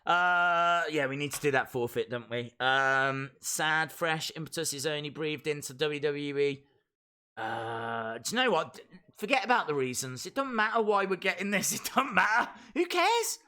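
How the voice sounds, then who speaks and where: Excitable man streaming reactions. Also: on the high side, normal speed. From England. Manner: excitable, bursts into shouting. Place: outdoors in a field.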